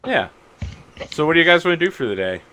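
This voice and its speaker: Bright-voiced playful game master man. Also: a little high, very animated, fast talker. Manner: playful, teasing. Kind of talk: narrating a tabletop game.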